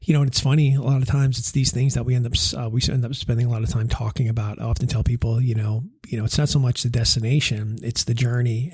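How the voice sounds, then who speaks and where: Host, male, thirties, husky tone, dry close mic, loose rambling storyteller. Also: medium pitch, darkish tone, no room sound. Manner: rambling with many fillers and restarts, laughing through funny parts. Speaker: podcast host and life coach. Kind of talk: casual storytelling monologue.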